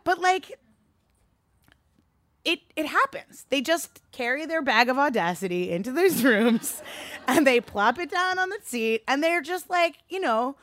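A woman giving a candid, animated talk to a live audience, swearing freely and rising into a high register when worked up. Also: measured pace, no room sound. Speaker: speaker addressing a live audience.

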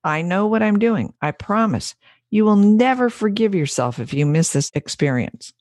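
A woman reading aloud, voicing a cheerful, gently insistent grown daughter in a reassuring, knowing way. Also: medium pitch, animated, normal speed, dry recording, clean studio sound, pitched above the performer's own voice, close to an everyday voice.

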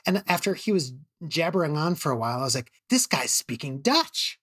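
A man's voice: fairly high pitch, big pitch swings, a little fast, fairly bright tone, no room sound, studio quality. A middle-aged man, an emergency physician, telling a story casually with many restarts and laughs.

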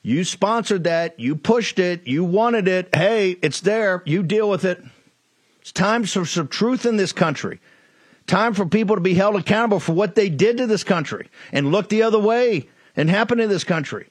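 A middle-aged man tears through a political monologue, hammering the same accusations again and again. His voice sits high and pushes hard. The sound is dry and close. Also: expressive, normal speed, dry recording. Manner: fiery, ranting, repetitive accusations. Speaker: host. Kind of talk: political talk show monologue.

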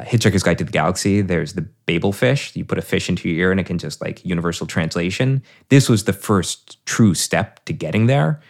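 A middle-aged man thoughtfully explaining ideas through examples in a relaxed conversation. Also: sits low. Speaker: guest. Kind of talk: conversational storytelling.

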